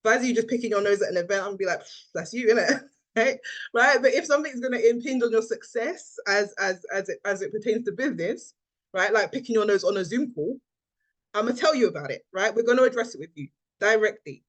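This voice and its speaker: A woman's voice: mid-range voice, animated, quick pace. A woman, a team leader running a training call over video, speaking with energy and acting out the people she quotes.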